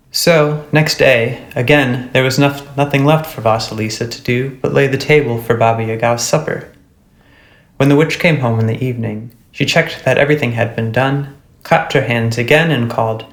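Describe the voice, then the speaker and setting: A man reads a fairy tale aloud in a steady, measured storytelling voice. His tone has a gravelly, creaky texture. The recording carries a clear room echo. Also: mid-range voice. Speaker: narrator. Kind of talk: storybook reading.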